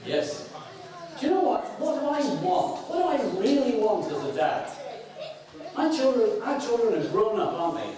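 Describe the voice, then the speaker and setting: A middle-aged Lancashire man preaches with a high, lively voice that leaps around as he talks. He is picked up from some distance in a very echoey church hall. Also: moderate pace. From north of England. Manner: animated, with sudden whoops and acted-out quotes. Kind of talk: sermon.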